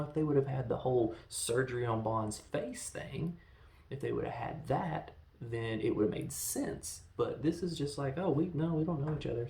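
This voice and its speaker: A gravelly-voiced man in his thirties talks through a movie in a loose, rambling review. He is animated and drops into quick quoted lines along the way. The sound is roomy and echoey. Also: fairly high pitch. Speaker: podcast host reviewing films.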